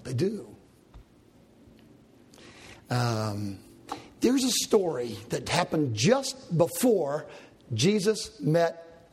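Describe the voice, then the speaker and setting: A man preaching a sermon as a pastor, telling Bible stories with animated delivery and acting out the characters' lines. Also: a little high, breathy edge.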